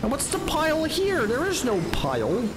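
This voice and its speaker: A man's voice: very high-pitched, huge pitch swings, moderate pace. A man doing let's play commentary as a gaming streamer, ranting with profane exasperation. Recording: clear background noise.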